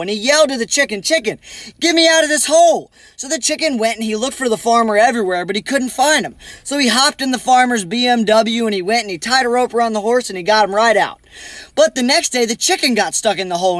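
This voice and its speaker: A man telling a long joke in a brisk storytelling manner. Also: very high-pitched, fairly bright tone, no room sound.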